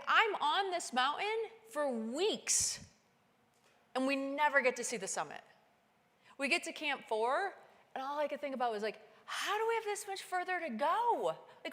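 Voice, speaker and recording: A woman giving a motivational keynote talk, telling a climbing story and acting out the dialogue with sudden bursts of high excitement. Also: in a large hall. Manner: animated, acts out dialogue with sudden high-pitched exclamations. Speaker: keynote speaker. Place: conference stage in a large hall.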